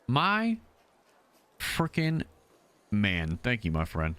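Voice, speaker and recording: A man streaming a video game live, chatting casually and excitably shouting thanks to his supporters. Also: lowish voice, drawn-out words, a little hiss or hum.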